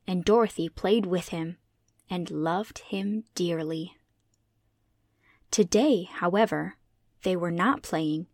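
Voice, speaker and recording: Female narrator for a classic children's book, steady and clear, dry close recording. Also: mid-range voice, no echo. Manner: measured, clear read-aloud delivery. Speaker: audiobook reader. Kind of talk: scripted storybook narration.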